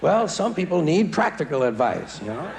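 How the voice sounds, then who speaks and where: A man's voice: a little high, very animated, normal speed, gravelly. Sardonic man doing live stand-up. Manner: wry, sardonic delivery with mock voices. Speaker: stand-up comedian. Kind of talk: stand-up comedy routine. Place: large theater stage before a live audience. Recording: live theater recording with audience noise.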